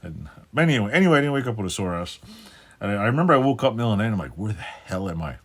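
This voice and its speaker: A man in his fifties with a deep, low-pitched voice that carries a husky edge. He talks loosely in a personal vlog, rambling and cursing. He fills his sentences with "uh" and "like" as he restarts them. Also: very animated, fairly bright tone. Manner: rambling, profane, halting with many fillers. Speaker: channel host. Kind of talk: casual personal vlog monologue.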